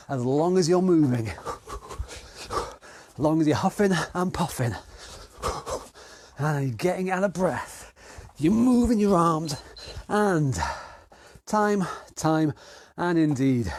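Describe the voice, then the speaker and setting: British male trainer, slightly high voice, stuffy nose, encouraging, counts down rounds. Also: darkish tone. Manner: upbeat, encouraging, counting down reps. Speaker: fitness instructor. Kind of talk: online exercise class instruction.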